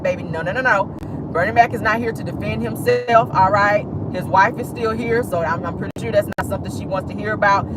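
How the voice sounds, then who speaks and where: A woman's voice: mid-range voice, heavy background noise. A woman vlogger giving casual, sassy celebrity gossip commentary from inside a car, dropping 'honey' and 'baby' into her talk. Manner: sassy, drawling, full of 'honey' and 'baby' asides.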